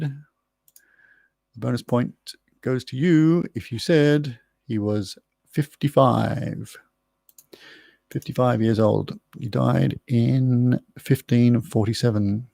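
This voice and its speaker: A man's voice: medium pitch, vocal fry, a little mellow, no room sound. A middle-aged Australian man hosting a pub quiz, reading out answers in a chatty way and spelling out words as he goes. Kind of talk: live-streamed trivia answers, casual chat.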